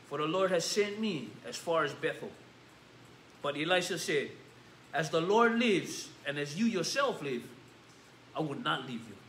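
Male pastor, Hawaiian Pidgin lilt, laid-back sermon, higher voice, echoey church room. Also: bright, forceful tone, a little hiss or hum. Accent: Hawaiian Pidgin-tinged English. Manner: casual, peppered with "yeah?" and "bro". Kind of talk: informal sermon with scripture reading. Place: church sanctuary.

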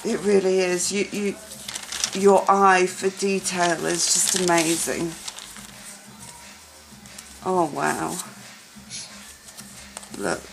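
A woman's voice: on the low side, drawn-out words, creaky, pauses often, over music, low-quality recording. A woman vlogger unboxing gifts at home, gushing with overwhelmed exclamations and stammering restarts.

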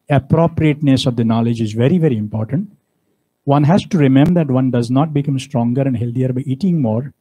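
A man delivers a university lecture. His voice is mellow and husky, and he presses his points hard, stopping often to ask the audience rhetorical questions. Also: medium pitch, low-quality recording. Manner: emphatic, preachy, fond of rhetorical questions. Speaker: guest speaker.

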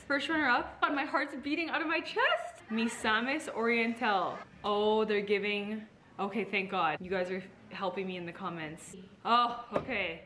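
A woman giving live reaction commentary, excitable and talking straight to her viewers. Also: fairly high pitch, moderate pace, a little hiss or hum. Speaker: pageant reactor.

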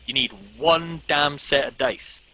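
A man's voice: a little high, a little slow, bright, forceful tone, low-quality recording. A man chatting casually as a guest, rambling with lots of "um"s and self-mocking jokes. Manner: rambling, frequent ums, self-mocking humor. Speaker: podcast guest. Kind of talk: casual video-call chat.

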